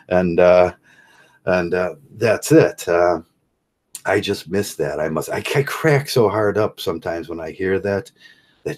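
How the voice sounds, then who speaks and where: A man with a deep, low-pitched voice talks in a loose, rambling monologue. His tone is mocking and sarcastic, and he chuckles at his own points as he trips over restarts. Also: measured pace, long pauses, a little mellow. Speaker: vlogger. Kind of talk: casual monologue rant.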